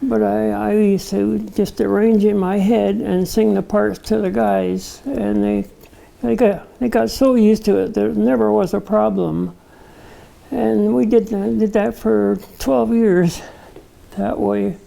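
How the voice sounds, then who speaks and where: A man's voice: high-pitched, fairly even intonation, warm tone, poor audio. An older man, a retired barbershop tenor and arranger, reminiscing in a casual interview with short replies and frequent laughs. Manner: slow, gravelly, laughs often, short replies.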